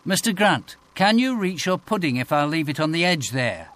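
Man voicing small fussy nurse, female, high, solicitous, lively, audiobook. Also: normal speed. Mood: fussing. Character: older male hospital nurse, brisk and petite.

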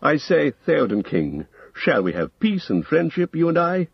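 Old male wizard, persuasive and proud, man doing the voice, husky tone, dry lo-fi audiobook. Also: fairly high pitch, big pitch swings, unhurried, no echo, voice pushed up, heavily acted. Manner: smooth coaxing, rising to lofty emphasis. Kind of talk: audiobook character reading.

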